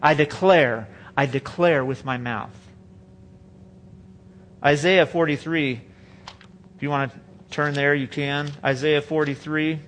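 A man's voice: fairly high pitch, fairly even intonation, takes it slowly, long pauses, fairly bright tone, slight background noise. A man preaching a sermon, reading scripture and speaking emphatically in a conversational way. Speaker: pastor.

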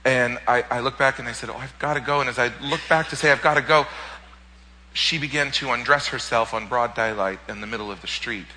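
Male pastor telling a story, bright voice, long hall reverb, animated, repeats words. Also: medium pitch, brisk, slight background noise. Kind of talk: sermon testimony storytelling.

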